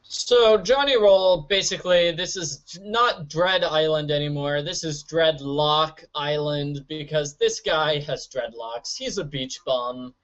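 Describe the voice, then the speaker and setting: A man's voice: a little high, slow pace, few pauses, fairly bright tone. A man hosting a let's-play, giving chatty, jokey, rambling gameplay commentary in dull lo-fi audio.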